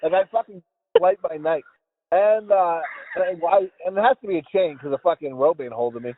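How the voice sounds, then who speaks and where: A man's voice: a little high, brisk. A man hosting a podcast in crude, casual chat, rambling, swearing and laughing a lot. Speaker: podcast host. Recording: dry, tinny phone-like sound.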